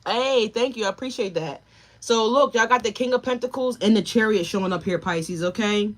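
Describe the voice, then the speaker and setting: A woman's voice: mid-range voice, brisk. A woman giving a live tarot reading, talking straight to her viewers and chat, emotional and tearful at times. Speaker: tarot reader.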